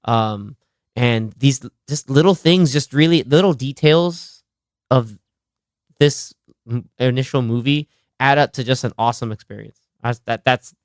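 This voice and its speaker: A man's voice: mid-range voice, normal speed, no echo, clean studio sound. A young man hosting a casual podcast, retelling movie scenes with quoted lines and frequent laughter. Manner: animated, laughs often, quotes scenes in voices. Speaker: podcast host.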